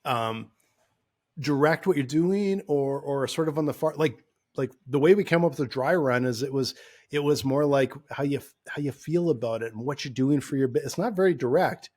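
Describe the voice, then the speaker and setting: A man's voice: mid-range voice, moderate pace, a little mellow. Rambling man co-hosting a podcast. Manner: rambling, full of restarts and likes. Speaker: podcast co-host. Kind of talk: casual podcast chat.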